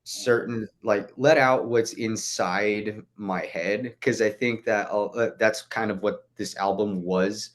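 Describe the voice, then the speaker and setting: Rambling young man, low voice. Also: fairly even intonation, slow pace, few pauses. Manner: rambling, heavy on "like" fillers, swears freely. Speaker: guest musician. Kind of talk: casual podcast chat.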